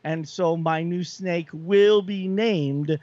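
A man's voice: on the high side, slow, darkish tone, no room sound, highs cut off. A man co-hosting a podcast in casual chat, enthusiastic and rambling with lots of fillers. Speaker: podcast co-host.

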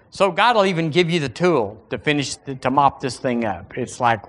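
Speaking at a moderate pace with few pauses, this Southern American man delivers a sermon in a medium-pitched voice full of big pitch swings. Scripture comes out lifted and dramatic, while the stretches between are plain, folksy, and conversational.

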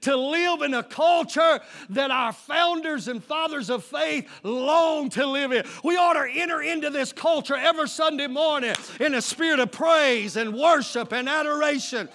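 High-voiced shouting preacher man. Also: normal speed, hardly any pauses. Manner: preaching with shouted call-and-response bursts. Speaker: pastor. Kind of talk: sermon.

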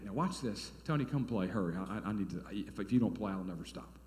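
A man, preaching a sermon as a pastor in folksy storytelling style, dropping to quiet asides and rising to loud, emphatic bursts. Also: fairly low pitch, lively intonation, fast. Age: 30s. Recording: echoey hall.

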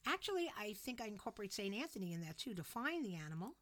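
A woman co-hosting a casual podcast chat, backing her partner up with quick agreement. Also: medium pitch, very animated, a bit bright, dry recording. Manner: supportive, quick affirmations. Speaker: podcast co-host.

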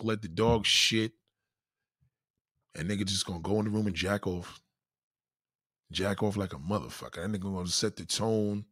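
A man hosting a casual livestream, riffing loudly and acting out quoted voices, reading chat names aloud. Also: fairly low pitch, no room sound, studio quality. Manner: loud, animated riffing, acts out quoted voices. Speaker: livestream host.

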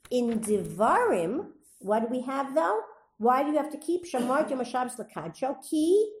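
A woman teaching a Torah class, reading Hebrew verses aloud and quizzing her students with questions she then answers. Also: a little high. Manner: reads Hebrew verses aloud between explanations.

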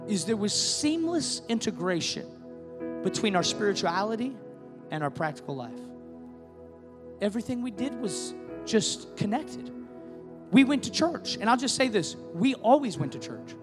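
High, animated preaching man, hall reverb. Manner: impassioned preaching, rising to shouts and dropping low. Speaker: pastor. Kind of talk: sermon. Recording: long reverb, faint music behind.

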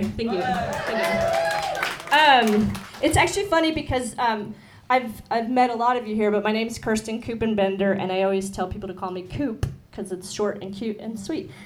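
A woman's voice: mid-range voice, noisy background. Rambling young woman doing stand-up. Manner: rambling, self-deprecating, frequent ums and laughs. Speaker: stand-up comedian. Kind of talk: stand-up comedy set. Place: club stage with audience.

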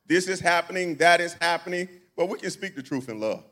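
A man with a high voice delivers a sermon in a church. He preaches in a folksy, conversational way, repeating his phrases and asking the congregation questions to draw them in. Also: expressive, fairly quick, pushed and bright. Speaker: pastor. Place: church sanctuary.

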